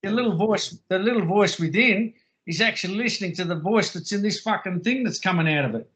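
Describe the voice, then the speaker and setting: Brief: high-pitched bright man, argues back with probing questions, stumbling restarts and lots of cussing. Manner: argumentative, swearing, halting restarts, questioning. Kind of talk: heated argument.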